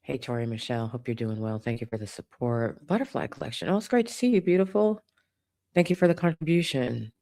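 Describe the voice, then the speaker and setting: A woman's voice: a bass voice, expressive, a little fast. A woman hosting a casual livestream, reading out and thanking viewers for their donations in a chatty manner. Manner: warm, chatty, swears casually. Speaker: livestream host.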